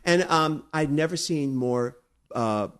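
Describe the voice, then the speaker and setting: A man's voice: on the high side, slow, a bit bright, smooth. A man hosting a podcast, playful and teasing, often incredulous in casual chat. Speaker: host.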